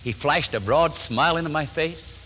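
A man's voice: a little high, moderate pace, big-room sound, a little hiss or hum, poor audio. An older man preaching a sermon in a church sanctuary, telling stories and acting out what people said. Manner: warm storytelling, acts out quotes, chuckles often. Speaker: pastor.

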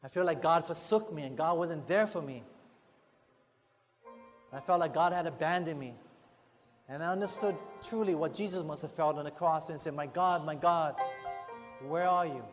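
Speaking at a moderate pace and pausing often, a man with a slightly high voice delivers an earnest, conversational church sermon, frequently turning to the congregation with rhetorical asides. The hall reverb is long, and soft music plays behind.

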